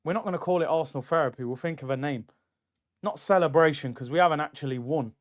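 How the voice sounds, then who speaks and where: A young man hosting a football watchalong livestream, chatty and excitable, reading out viewer comments. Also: fairly high pitch, quick pace, dull audio. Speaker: football streamer host.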